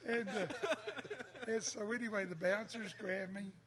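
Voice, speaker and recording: A man, telling a lively bar story in a casual chat and acting out the people he quotes. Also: sits high, moderate pace, crowd noise. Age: 60s. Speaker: songwriter guest.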